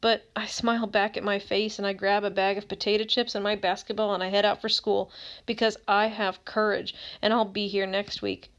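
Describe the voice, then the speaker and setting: A woman's voice: mid-range voice, close to an everyday voice. A woman reading as a bitter, scarred teenage boy who speaks to a dead friend in a raw, accusing way, in an audiobook.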